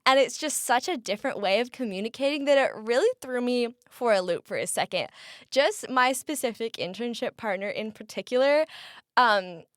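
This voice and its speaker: A woman's voice: fairly high pitch, animated, normal speed, no room sound, clean studio sound. A young woman from the American Midwest, chatting casually as an interview guest, with lots of fillers and laughter.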